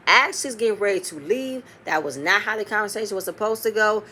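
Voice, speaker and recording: A woman giving a casual, animated recap of a reality show episode, quoting the cast and swearing freely. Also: medium pitch, brisk, few pauses, a little hiss or hum.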